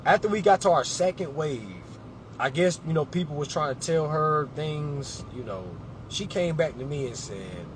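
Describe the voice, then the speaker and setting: A man's voice: fairly high pitch, animated, normal speed, background noise. A man in a casual talk to camera, advising clients in an emphatic, preachy way, calling listeners y'all and family. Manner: colloquial, addresses audience as y'all and family.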